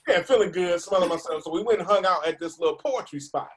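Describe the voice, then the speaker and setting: A man, a comedian, telling an animated story over a video call, laughing and acting out the voices of other people. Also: sits high, fast talker. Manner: laughing, acts out voices in his stories. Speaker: comedian guest.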